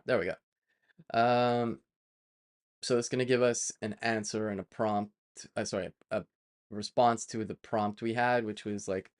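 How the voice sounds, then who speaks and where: Chatty, rambling man live-coding on stream. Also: on the low side. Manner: chatty, rambling, many fillers and self-corrections; playful, prone to side tangents. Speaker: developer live-streaming his work.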